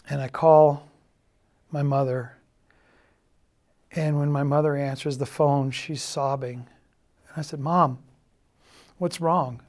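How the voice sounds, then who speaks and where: A middle-aged man recounts losing someone, offering his personal testimony at a church gathering. He pauses a lot, speaks in a hushed, halting way, and quotes others; his slightly high voice is thick with feeling and occasionally gives way.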